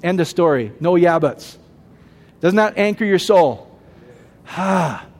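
A man preaches in a loose, conversational way, his voice pitched a little above most men's. He keeps asking the congregation whether they follow him. The sound carries a long hall reverb. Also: lively intonation, slow, darkish tone. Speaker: pastor. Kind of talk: sermon.

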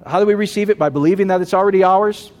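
A man's voice: high voice, very fast, darkish tone, in a large hall. A man preaching a sermon in a conversational way, often turning to the congregation with questions. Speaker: pastor.

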